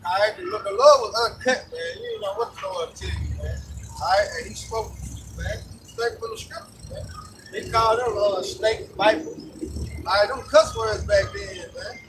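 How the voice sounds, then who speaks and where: A man with a high voice talks in an animated, slangy way. He is recorded outdoors from a distance, with loud street noise. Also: moderate pace. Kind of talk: casual discussion.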